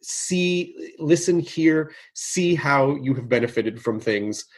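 A man hosting a podcast, talking earnestly and haltingly, often restarting his sentences. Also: on the high side, lively intonation, breathy edge. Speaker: podcast host. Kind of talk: casual conversation.

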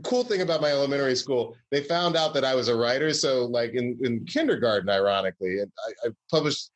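A man's voice: medium pitch, animated, fast. Rambling man from the American South. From Southern US, Georgia. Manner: rambling, self-correcting, wry storytelling. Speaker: comedy writer guest. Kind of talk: casual interview chat.

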